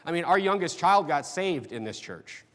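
A middle-aged man from North Dakota preaching a sermon, personal and conversational, often pausing on fillers and restarting his sentences. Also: fairly high pitch, animated, a bit bright. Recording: long reverb of a church hall.

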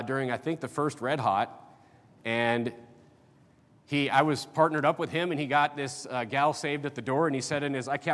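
A middle-aged man preaches in a fairly high voice, speaking casually and stumbling through fillers as he shares personal memories. His words ring out with the long reverb of a large church hall. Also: a bit bright. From North Dakota. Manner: conversational, halting with fillers and restarts. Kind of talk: sermon.

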